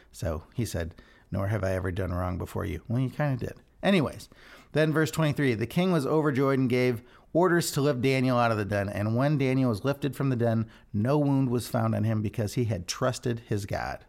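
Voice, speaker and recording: Man, casual devotional talk, gravelly, rambling, self-correcting. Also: mid-range voice. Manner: rambling, self-interrupting, animated. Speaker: devotional speaker.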